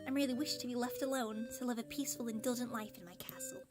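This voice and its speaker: A woman voicing a lonely, aloof female demon overlord who speaks in a measured, grand manner. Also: fairly high pitch, steady tone, lightly acted. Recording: game music underneath.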